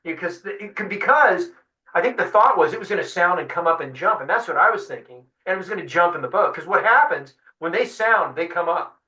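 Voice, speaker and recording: A man tells a fishing adventure as a guest, lively and fond of playing out each voice. His tone is bright and forceful. He sits back from the mic in an echoey room. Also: sits high, fairly quick. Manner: animated storyteller acting out voices. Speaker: guest fly-fishing guide. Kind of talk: storytelling in an interview. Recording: roomy sound, mic at a distance.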